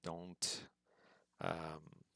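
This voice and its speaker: A man teaching test preparation, explaining the steps calmly and reassuring students, with occasional fillers. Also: sits low, very slow, no echo, studio quality. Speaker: English test prep teacher. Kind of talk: instructional presentation.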